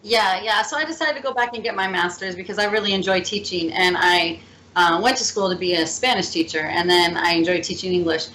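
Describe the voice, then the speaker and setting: Young woman telling lively travel stories. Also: on the low side, a little fast, slight background noise, low-quality recording. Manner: lively storyteller, laughs through anecdotes. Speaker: guest, entrepreneur and teacher. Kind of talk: casual interview storytelling.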